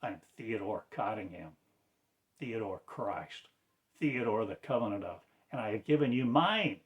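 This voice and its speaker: Slow, declamatory preaching man. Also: lowish voice. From United States. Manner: slow, declamatory, with sudden loud rises. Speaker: self-styled spiritual teacher. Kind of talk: impassioned preaching.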